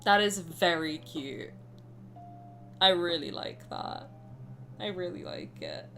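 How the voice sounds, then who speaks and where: A young woman streamer who reads game text aloud and chats in a giggly, animated, gushing way. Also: on the low side, takes it slowly, creaky, pauses often, faint music behind.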